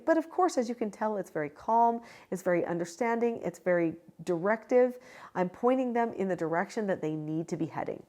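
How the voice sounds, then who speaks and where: A woman hosting her own channel, giving parenting advice in a calm, measured and directive way. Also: medium pitch. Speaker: parenting educator and channel host. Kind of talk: direct-to-camera advice talk.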